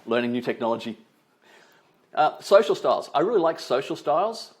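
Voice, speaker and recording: A man trainer giving a lively online webinar, leaning on emphasis and tag questions like "right?", speaking over a video call. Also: fairly high pitch, brisk.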